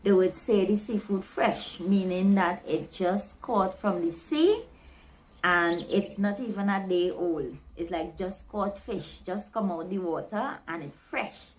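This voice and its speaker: A woman with a Trinidadian accent talks through local slang in a relaxed vlog, taking her time over every phrase. She circles each meaning with a string of synonyms, at a middling pitch for a woman, with a faint hum of noise underneath. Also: measured pace, poor audio. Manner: explains by restating words with several synonyms. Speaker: vlogger explaining local slang. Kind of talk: casual explainer vlog.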